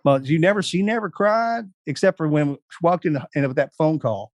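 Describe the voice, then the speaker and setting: A man's voice: a little high, lively intonation, normal speed, no room sound. Man telling folksy stories, dry sound. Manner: folksy, anecdotal storyteller. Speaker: guest. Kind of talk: casual storytelling.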